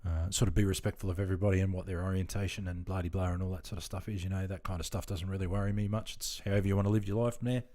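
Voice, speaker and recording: A relaxed Australian man talks loosely to his live chat while he plays. His voice sits fairly low, and he rambles from one thought to the next with plenty of fillers. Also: very fast, hardly any pauses. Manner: rambling, laid-back, chatting with viewers. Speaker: game streamer. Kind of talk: casual live-stream chat.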